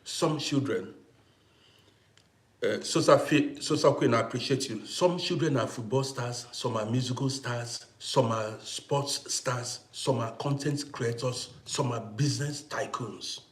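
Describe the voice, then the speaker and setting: Young male streamer. Forceful, preachy delivery. Mid pitch, roomy echo. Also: unhurried. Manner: forceful, preachy, thanks viewers for gifts. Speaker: live stream host. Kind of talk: casual livestream monologue.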